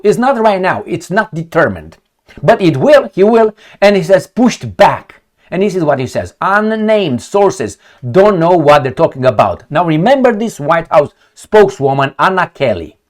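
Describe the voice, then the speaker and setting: A middle-aged man from Romania, giving blunt, sardonic, unscripted commentary on news headlines. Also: sits high. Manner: blunt and sardonic, storytelling asides. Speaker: political commentator.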